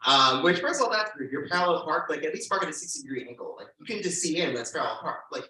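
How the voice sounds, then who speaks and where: A man in his forties from the United States, a stand-up comedian telling a profane, animated story at a live storytelling show. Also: a little high, fast talker. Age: 40s. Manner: animated, profane, breaks into laughter. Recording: echoey room, mic at a distance.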